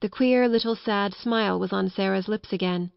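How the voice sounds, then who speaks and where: Audiobook narrator, female, mid pitch, soft storytelling, dull dry recording. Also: moderate pace, gravelly, smooth, no room sound. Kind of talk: scripted narration of a children's classic.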